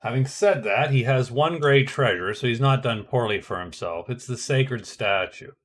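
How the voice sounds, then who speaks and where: This is casual solo game commentary from a middle-aged man describing his own board game turns. His medium-pitched voice is a bit bright and moderately paced, and his thinking aloud is full of hesitations and restarts.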